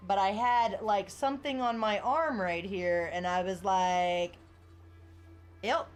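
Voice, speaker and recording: A woman's voice: medium pitch, fairly even intonation, slow pace, soft background music. A woman game streamer in casual live-stream chat, reading viewer comments and rambling through stories with lots of "like" and "you know" and frequent laughs.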